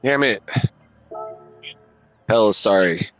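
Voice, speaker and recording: A man's voice: fairly low pitch, extremely slow, a bit bright, soft background music, low-quality recording. A man streaming a racing game, talking in a laid-back, slangy and profane way and calling everyone dude and man. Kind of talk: casual live-stream chat.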